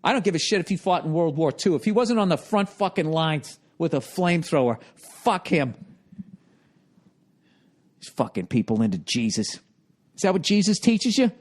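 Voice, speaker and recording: A middle-aged man with a Boston accent, fired up and profane on stage. His voice sits high for a man and leaps even higher whenever he acts out his own outrage. The delivery is a stand-up comedy rant. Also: moderate pace. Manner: profane, exasperated storytelling with sudden high-pitched outbursts.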